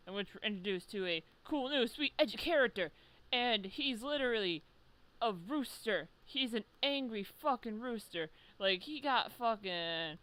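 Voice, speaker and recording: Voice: medium pitch, pushed and bright, clear, resonant tone, rough recording. A young adult creator giving a rambling, profanity-heavy comic recap of a game series from memory, often losing the thread. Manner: profane, rambling, self-interrupting. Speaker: video creator.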